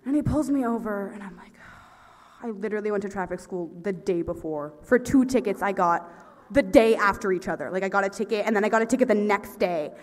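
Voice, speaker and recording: A young woman performing a stand-up story, talking in a breathless, excitable way and laughing at her own jokes. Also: medium pitch, a little fast. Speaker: stand-up comedian. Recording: reverberant hall.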